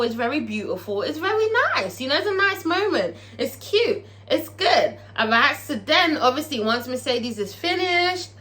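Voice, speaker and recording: A woman giving a chatty, animated and profane recap of a TV episode, laughing often. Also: sits high. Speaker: TV episode reviewer. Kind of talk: casual recap commentary.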